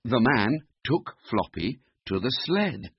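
A man reading a children's picture book aloud in a slow, lively, expressive way. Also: mid-range voice, husky, no echo. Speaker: storyteller. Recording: dull, muffled recording.

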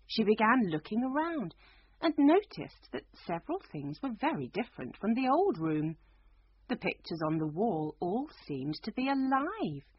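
A woman narrating a storybook aloud in an expressive, sing-song reading voice. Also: fairly high pitch, husky, no echo. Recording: dull lo-fi recording.

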